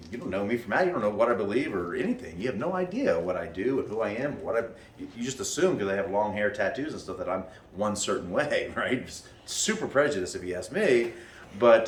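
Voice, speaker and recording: A man telling a story to his class as their teacher, animated, acting out what people said with many restarts. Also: on the low side, echoey room, recorded from a distance, a little hiss or hum. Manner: animated, acts out quotes in raised voices, many restarts. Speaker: martial arts teacher leading a class. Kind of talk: storytelling lesson to students.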